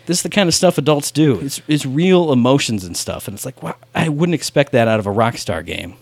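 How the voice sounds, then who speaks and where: A man's voice: medium pitch, expressive, a little fast, breathy edge, dry recording. A man rambling in casual chat about video games, with lots of filler words.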